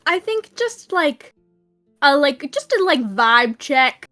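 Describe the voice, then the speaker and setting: A woman's voice: sits high, big pitch swings, slow pace, sharp tone, soft background music. A woman playing a tabletop game, hesitant, with many fillers. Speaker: player.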